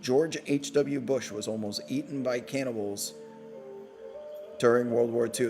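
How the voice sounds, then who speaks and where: A man's voice: medium pitch, darkish tone. A man hosting a casual live postgame show, bantering playfully with his audience and teasing himself. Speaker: podcast host.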